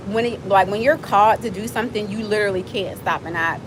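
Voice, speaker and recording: A woman of forty from Miami, chatting fast and playfully with viewers as host of her own livestream. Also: medium pitch, noisy background. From Miami, USA. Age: 40s. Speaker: livestream host, nonprofit founder. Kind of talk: casual livestream chat with viewers.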